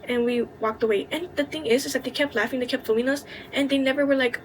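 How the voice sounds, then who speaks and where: A young woman telling a college story in a candid, indignant way, with plenty of swearing and quick asides. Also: high-pitched, a little hiss or hum, rough recording. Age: young adult. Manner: indignant, venting. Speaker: vlogger. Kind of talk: casual storytime chat.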